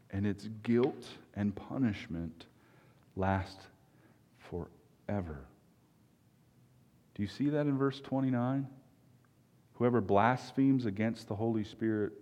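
Preacher, male, low voice, emphatic and earnest, reverberant hall sound. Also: dark tone. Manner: earnest, emphatic, with long pauses. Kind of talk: sermon.

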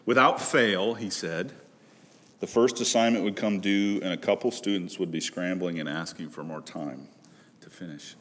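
A man pastor preaching a sermon in earnest, rising to loud pleas and dropping to hushed low lines. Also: moderate pace. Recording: long reverb of a large hall.

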